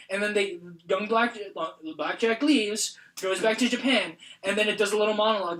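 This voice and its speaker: A man's voice: high-pitched, fairly quick, few pauses. A young man hosting a podcast, retelling scenes with lots of fillers in casual chat. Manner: animated retelling, many fillers. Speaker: podcast host. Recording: roomy echo.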